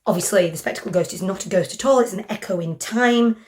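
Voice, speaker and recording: A woman's voice: mid-range voice, quick pace, darkish tone. A woman voice actor talking casually in an interview, reflecting on her acting and thinking aloud as she goes. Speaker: voice actor in an audio drama.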